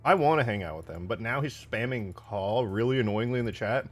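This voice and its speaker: A young man with a low voice chats casually on a live stream, ranting and cursing at his chat. His pitch rises and falls widely as he talks. Faint music plays behind him. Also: animated, brisk.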